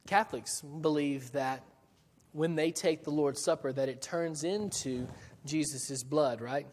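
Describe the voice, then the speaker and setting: A man's voice: fairly high pitch, measured pace, darkish tone, in a large hall. A man preaching a sermon in a church, talking in a conversational way with frequent restarts and rhetorical questions. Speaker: pastor.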